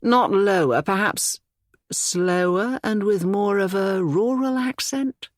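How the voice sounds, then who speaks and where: Protective young gentleman, as a narrator puts him on, measured, mid-pitched, audiobook romance. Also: no room sound, studio quality, natural voice. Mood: earnest. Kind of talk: audiobook character voice.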